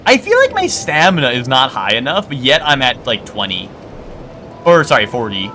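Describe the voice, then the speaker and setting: Animated man chatting with his stream. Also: mid-range voice, moderate pace, slight background noise. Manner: rambling, self-correcting, argues playfully with chat. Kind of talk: casual live-stream chat while gaming.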